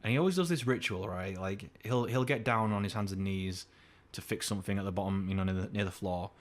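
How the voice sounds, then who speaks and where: A young English man co-hosting a podcast, sweary and animated in loose, laughing banter. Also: low voice, fast talker. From England. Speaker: podcast co-host. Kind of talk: casual chat.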